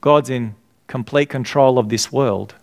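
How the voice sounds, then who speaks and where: Preaching at a measured pace, a middle-aged pastor uses a mid-range, slightly mellow voice. He talks to the congregation in an earnest, conversational way, prompting them with questions to fill in his words.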